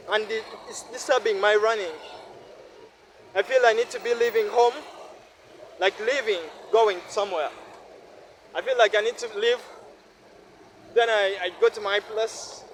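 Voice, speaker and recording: A man's voice: sits high, fairly bright tone, slight background noise, poor audio. A man in his twenties from Uganda with a Ugandan accent, talking earnestly in a casual vlog monologue and often checking in with the listener. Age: 20s. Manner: earnest, repetitive, asks listener "no?". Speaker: vlogger. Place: outdoors by a city road.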